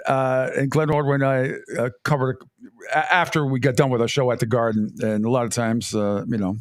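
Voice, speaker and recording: A middle-aged man hosting sports talk radio, telling stories in a rambling, animated way and laughing often. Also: medium pitch, no echo, studio quality.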